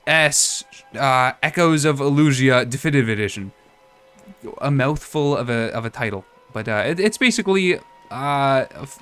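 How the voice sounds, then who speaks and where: A man's voice: medium pitch, fairly bright tone. A man streaming a game as a VTuber, chatting casually with a hesitant, musing delivery full of restarts. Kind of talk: casual let's-play commentary.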